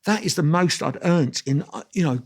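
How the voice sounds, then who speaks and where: A man, telling lively anecdotes as an interview guest and restarting his sentences often. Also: fairly high pitch, moderate pace, gravelly, slightly rough. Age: 60s. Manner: animated anecdotes with quoted voices and restarts. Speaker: guest photographer. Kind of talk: storytelling interview.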